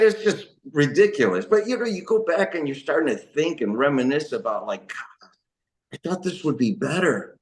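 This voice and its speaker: A man's voice: medium pitch, roomy sound. A man telling his own recovery story in an emotional, rambling way, full of restarts and "you know". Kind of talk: personal testimony talk.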